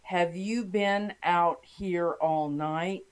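A narrator voicing a friendly male oil rig worker who speaks in a brisk, helpful, reassuring way. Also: sits high, steady tone. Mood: concerned.

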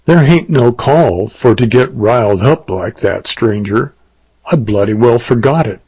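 A man's voice: fairly low pitch, takes it slowly, darkish tone, no room sound. A man voicing a surly, cowardly innkeeper that drops and adds h's. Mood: aggrieved. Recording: dull lo-fi dry recording.

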